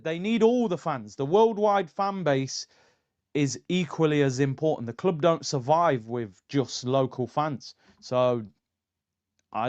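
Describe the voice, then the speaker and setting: A man hosting a fan live stream, reading viewer messages in an excitable, slangy way. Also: a little high, lo-fi sound. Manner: excitable and slangy, fast shifts between calm and fired-up. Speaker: fan channel host.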